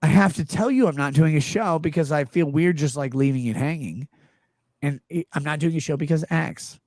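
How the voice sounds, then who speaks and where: A man's voice: on the high side, brisk, a little mellow, dry recording, clean studio sound. A man in his thirties hosting a casual live-stream chat, earnestly and defensively explaining himself at length. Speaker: show host.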